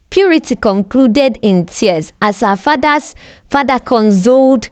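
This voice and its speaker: A woman storyteller narrates a dramatic family tale with emotive weight. She speaks slowly, her voice a little high. The sound is dry and close. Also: expressive, a little mellow, dry recording.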